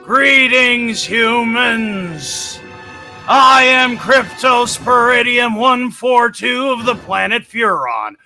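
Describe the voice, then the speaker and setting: A man putting on the voice of a brash, cocky male alien invader, gravelly and sneering, as a character impression on a podcast. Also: very high voice, animated, slow, pushed and bright, soft background music, pitched above the performer's own voice, heavily acted. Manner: insulting, boastful, theatrical.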